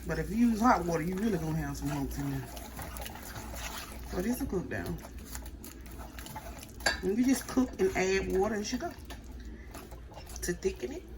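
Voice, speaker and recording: A woman with a lowish, animated voice speaks at a moderate pace, pausing often, as she films a casual cooking vlog in her home kitchen and calls her viewers y'all. Food fries on the stove, a pan sizzles and a tap runs, making the recording noisy.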